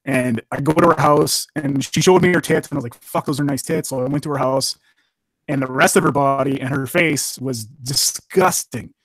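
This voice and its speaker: A man's voice: mid-range voice, moderate pace, a bit bright, no room sound, poor audio. A man from Canada, a guest on a casual podcast, rambling and swearing as he laughs at his own jokes.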